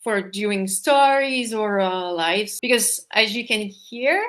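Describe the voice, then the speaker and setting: A woman's voice: mid-range voice, takes it slowly, fairly bright tone. Woman guest with a non-native accent. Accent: non-native English. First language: not English. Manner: hesitant, many fillers and restarts. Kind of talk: live interview.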